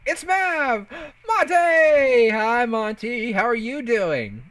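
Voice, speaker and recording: A man's voice: very high voice, sing-song, takes it slowly, a bit bright, smooth, dry recording. A young man streaming a game, bantering playfully with his chat and laughing often. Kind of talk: casual live-stream chat while gaming.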